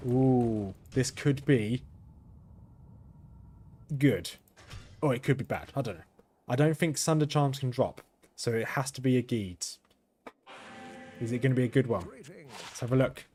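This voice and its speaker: A man talking over his own gameplay in a flat, monotone way, drifting from thought to thought and restarting sentences. His pitch sits in a middle range. A faint hiss of noise runs under the voice. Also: moderate pace, pauses often. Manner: rambling, self-correcting, chuckles to himself. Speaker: gaming video host. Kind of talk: casual gameplay commentary.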